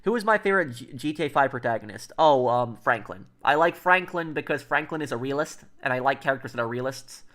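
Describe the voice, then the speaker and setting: A man's voice: medium pitch, expressive, quick pace, hardly any pauses, fairly bright tone. A man streaming and chatting casually with viewers, rambling with lots of fillers and restarts. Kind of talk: casual livestream chat.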